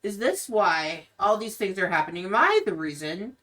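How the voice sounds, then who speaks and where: A woman's voice: mid-range voice, very animated, moderate pace, a bit bright, distant mic. A woman voicing a torn, questioning young woman who speaks in a pleading, emotional way. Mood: distraught.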